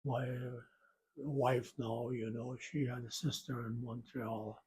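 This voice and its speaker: A man in his nineties telling his life story in an interview, halting and rambling with restarts and soft chuckles. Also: medium pitch, level tone, slight background noise.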